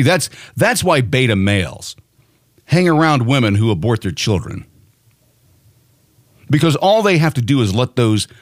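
A man's voice: mid-range voice, no echo, clean studio sound. A man hosting his own opinion podcast, ranting in an angry, profane and mocking way. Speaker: podcast host.

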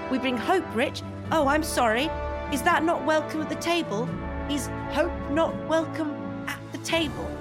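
A woman's voice: sits high, normal speed, over music, natural voice. An actress playing a pompous, self-righteous female radio host, speaking in a comedy podcast. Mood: indignant. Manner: pompous and indignant.

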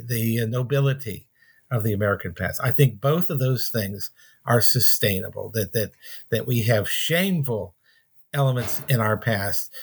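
A man, an author answering interview questions thoughtfully, in a halting way with many pauses and restarts. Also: medium pitch, vocal fry, husky.

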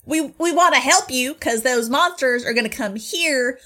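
A woman playing a tabletop game, speaking in a lively, eager way. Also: high-pitched, normal speed. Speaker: player. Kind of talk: casual tabletop play.

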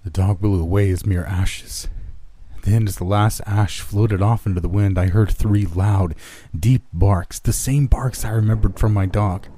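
A man narrating a horror story in a measured, dramatic way. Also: lowish voice, steady tone, mellow, dry recording.

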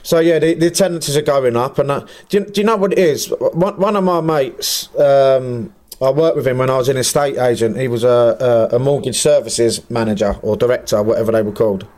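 Give me a plain-spoken man from England, a football manager, speaking at an ordinary mid pitch with lots of "yeah, no" fillers. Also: fairly quick, a little mellow. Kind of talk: casual chat.

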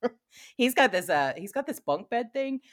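A woman co-hosting a podcast in casual chat, sassy and quick with a joke, laughing often as she tells stories. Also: on the high side, big pitch swings.

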